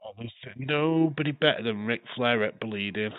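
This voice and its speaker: A man's voice: mid-range voice, moderate pace, no echo. A man giving casual, chatty running commentary as a streamer, swearing and laughing along. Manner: chatty, profane, laughs often. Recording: tinny phone-like dry sound.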